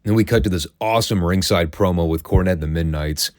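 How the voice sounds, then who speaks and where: A man's voice: low-pitched, fast talker, no room sound, clean studio sound. A man hosting a casual solo recap show, telling the story in a chatty, wry, opinionated way. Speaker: wrestling recap host.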